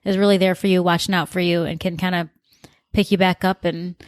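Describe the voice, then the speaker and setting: A woman's voice: lowish voice, level tone, brisk, dry recording, clean studio sound. A woman co-hosting a relationship podcast, speaking in a caring, conversational way. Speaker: podcast co-host. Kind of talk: casual advice talk.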